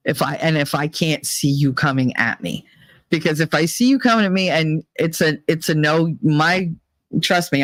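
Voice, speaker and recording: A woman hosting a casual storytelling monologue, blunt and profane, with Italian-American family roots, who acts out other people's voices in high squeals. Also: no room sound. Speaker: podcast host.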